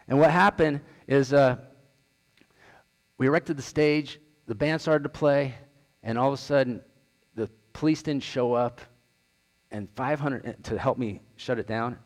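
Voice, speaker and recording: A man, an outreach director, gives an earnest slide presentation, telling stories and retelling conversations. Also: medium pitch. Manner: earnest, storytelling, retells dialogue. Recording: long hall reverb.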